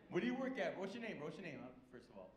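A male stand-up comedian doing brash, profane, teasing crowd work on a club stage. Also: on the high side. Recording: echoey club with crowd noise.

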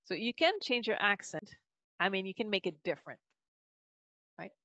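A Canadian woman with a Quebec French accent talks as a podcast guest, choosing her words with fillers and restarts and laughing often. Her voice is medium in pitch. The sound is dry and a little dull. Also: moderate pace, a bit bright, no echo. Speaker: guest linguist. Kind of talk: podcast interview.

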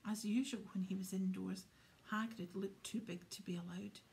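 A woman reading an audiobook aloud in a soft, hushed way. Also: medium pitch, steady tone, normal speed, creaky, slight background noise. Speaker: audiobook reader. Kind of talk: audiobook narration.

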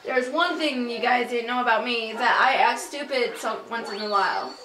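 A young woman doing casual, excitable commentary over her own gameplay, swearing and rambling. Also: a little high, moderate pace, distant mic. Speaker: let's play gamer. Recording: roomy, off-mic, with game music. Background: video game music.

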